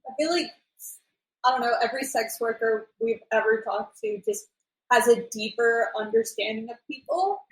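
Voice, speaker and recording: A young woman hosting a podcast, chatting in a relaxed, playful way. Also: a little high, normal speed. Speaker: podcast host. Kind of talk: casual chat. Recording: roomy, echoey sound.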